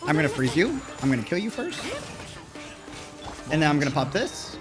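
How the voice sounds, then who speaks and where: Lively New York man streaming games. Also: on the high side, moderate pace, pauses often, music in the background. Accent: New York City. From New York City. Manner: chatty, reacts loudly to gameplay. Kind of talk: live gaming stream chat.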